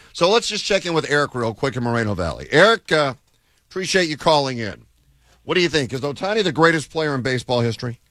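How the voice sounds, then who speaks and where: Lively male sports talk radio host. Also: medium pitch, no echo. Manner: lively, taking calls.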